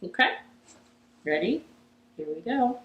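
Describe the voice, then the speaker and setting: A woman's voice: a little high, sing-song, slow, roomy sound, narrow, tinny audio, soft background music. A young woman hosting a children's library storytime from her living room, cheerful and encouraging, leading songs and games. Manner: cheerful, encouraging, sing-song.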